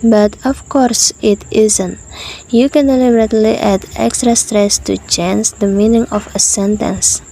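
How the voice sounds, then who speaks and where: A woman's voice: on the high side, steady tone, measured pace, warm tone, poor audio. A woman presenting a scripted pronunciation lesson, explaining rules with light asides to the listener. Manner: conversational teaching tone with asides to the listener. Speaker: student presenter.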